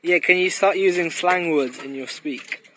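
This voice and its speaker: A man's voice: high-pitched, normal speed, background noise. A man vlogging on a lake trip, chatting casually in a playful, teasing way. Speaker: travel vlogger. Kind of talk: casual chat. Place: rowing boat on a lake, outdoors.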